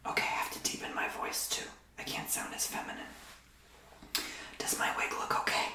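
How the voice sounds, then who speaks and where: A man's voice: mid-range voice, fairly even intonation, unhurried, reverberant, slight background noise, close to an everyday voice. A man whispering in a role-play as a pushy, rude male timeshare salesman who presses hard for a sale. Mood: pleading. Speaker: ASMR role-player.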